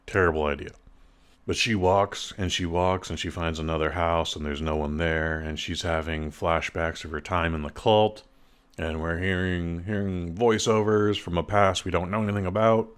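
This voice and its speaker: Blunt deep-voiced man reviewing a film. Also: steady tone, normal speed, fairly bright tone, smooth. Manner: blunt, profane, rambling recap with fillers. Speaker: film reviewer, podcast host. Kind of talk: casual spoken movie review.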